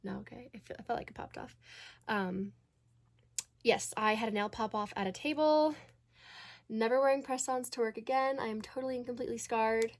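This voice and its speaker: A woman's voice: fairly high pitch, a little fast. A woman vlogger chatting casually and rambling as she gets ready for an event. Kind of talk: casual get-ready-with-me chat.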